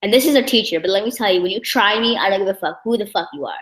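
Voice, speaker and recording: A woman's voice: medium pitch, lively intonation, very fast, fairly bright tone, roomy sound, low-quality recording. A young woman vlogging a casual story in a blunt, heated, profane way. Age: young adult.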